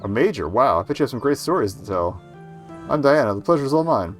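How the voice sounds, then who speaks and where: A man's voice: medium pitch, big pitch swings, fast talker, faint music behind, close to an everyday voice. A man voicing Diana, a cheerful, adventurous young woman on holiday, speaking in an upbeat, polite way.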